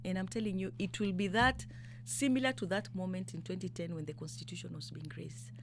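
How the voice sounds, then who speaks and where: A gravelly, low-pitched woman speaks a little fast with fairly even intonation, and a little hiss or hum is audible. She is a Kenyan political candidate from coastal Mombasa giving an impassioned interview, emphatic, full of rhetorical questions, switching between English and Swahili. She becomes louder and more fired up.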